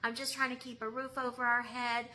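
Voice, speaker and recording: A woman acting out a desperate single mother, pleading and apologizing in a high, bright voice. She sounds embarrassed and close to tears. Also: level tone, fairly quick.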